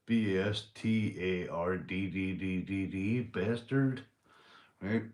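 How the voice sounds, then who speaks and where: A man's voice: sits low, slow, a little mellow. A man with a Northern Irish accent hosting a rambling livestream chat, tipsy from beer, boisterous, swearing and laughing a lot. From Northern Ireland. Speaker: livestream host. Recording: echoey room.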